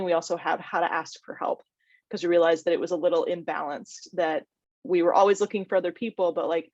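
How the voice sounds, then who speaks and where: A woman's voice: lowish voice, no echo. Woman educator on a dry, muffled call. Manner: conversational, frequent "um" and "like". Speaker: mental health educator. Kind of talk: casual panel discussion.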